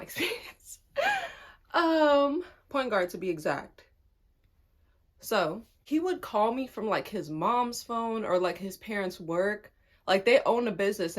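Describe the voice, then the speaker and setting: Young woman doing a storytime, super animated, laughs a lot, voice jumps high. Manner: animated, laughs often, swings pitch high when amused. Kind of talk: casual storytime chat.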